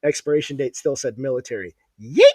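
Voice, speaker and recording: A man in his thirties telling a story in a casual chat, animated and profane. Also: mid-range voice, a little fast, husky, no echo. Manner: animated, profane, acts out quotes. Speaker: podcast guest.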